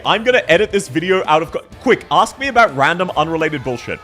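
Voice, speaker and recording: A man's voice: on the high side, big pitch swings, quick pace, hardly any pauses, pushed and bright, faint music behind. A young man, chatting casually with his live-stream audience while gaming, rambling, swearing freely and laughing often.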